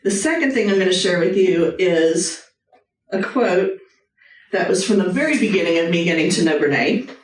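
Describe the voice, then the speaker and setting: A woman's voice: lowish voice, lively intonation, normal speed, distant mic. A woman, a surgeon giving an earnest, personal motivational talk with a short guided meditation to a live audience. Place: hospital hall with a live audience. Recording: echoey hall, voice from off the mic.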